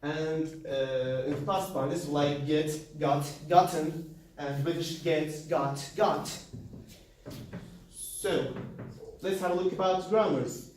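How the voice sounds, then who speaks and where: A man giving a university class presentation, halting, with many fillers, restarts and non-native grammar. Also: on the high side, a little mellow, far from the mic. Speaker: student presenter. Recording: very echoey room, voice from afar, faint noise.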